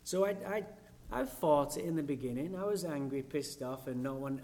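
A man's voice: a little high, normal speed, a little mellow. A man from England with an English accent, giving a blunt, profane and self-mocking personal talk at a recovery meeting.

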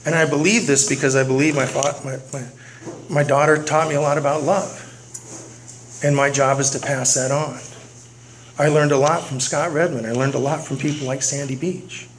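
A middle-aged man speaking at a recovery meeting, telling his story earnestly and repeating key phrases for weight. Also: fairly high pitch. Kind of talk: personal recovery testimony. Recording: noisy recording with clicks.

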